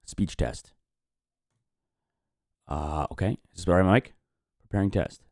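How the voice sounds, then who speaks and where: A man's voice: sits low, unhurried, darkish tone, no room sound, studio quality. A man hosting a live-stream watch party, chatting casually, swearing and reacting with frustration.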